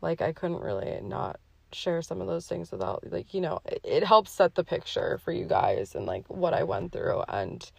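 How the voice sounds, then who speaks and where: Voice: mid-range voice, big pitch swings, moderate pace, creaky, darkish tone, dry recording. A podcast host speaking in a heartfelt, emotional personal monologue, with many fillers along the way.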